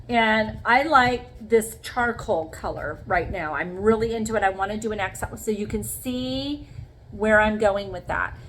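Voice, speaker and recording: In a casual craft vlog, a woman with a fairly high voice demonstrates sponge painting. She chats her way through each step, checking in with viewers with frequent "okay?"s. The audio quality is poor.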